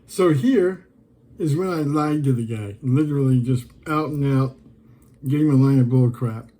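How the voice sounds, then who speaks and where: A man's voice: mid-range voice, normal speed, mellow, rough recording. A man talking casually to camera as an online reseller, exasperated and rambling as he tells a story and reads messages aloud.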